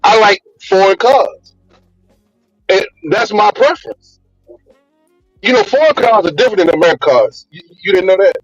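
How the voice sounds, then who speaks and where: High-voiced guy arguing back, keeps repeating himself, super animated, dry dull lo-fi mic. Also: moderate pace, long pauses, no echo, faint music behind. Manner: combative, repetitive, needling. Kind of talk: heated podcast debate.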